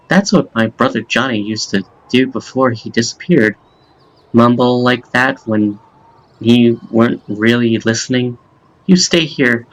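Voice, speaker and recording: A man's voice: mid-range voice, close to an everyday voice, rough recording. A man reading as a chatty curious kid. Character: curious young kid, chatty and wide-eyed.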